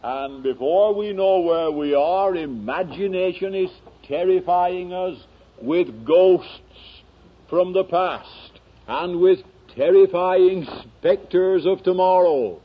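A man preaching a sermon in slow, dramatic oratory that builds to emphatic peaks. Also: high voice, slightly rough, lo-fi sound.

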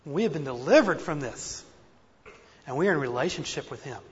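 Husky high-voiced man preaching in a hall. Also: expressive, a little fast. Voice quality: slight speech impediment. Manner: earnest, self-deprecating, varies loudness for emphasis. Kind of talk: sermon. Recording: dull lo-fi recording in a reverberant hall.

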